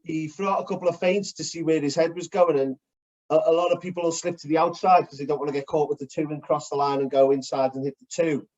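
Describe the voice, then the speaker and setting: A man co-hosting a casual chat, blunt and animated, swearing as he breaks down fight technique. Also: on the high side, quick pace. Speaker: podcast co-host. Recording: dull lo-fi recording.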